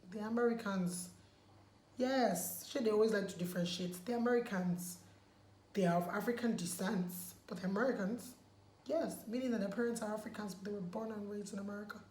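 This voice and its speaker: In an echoey room with faint background noise, a Nigerian vlogger chats while taking off her makeup. Her mid-range, dark voice is emphatic and pleading, and she repeats words to stress them.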